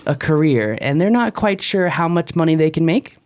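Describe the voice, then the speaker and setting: Emphatic man giving lively advice. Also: on the high side, moderate pace, clean tone. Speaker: podcast co-host. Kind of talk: casual podcast chat.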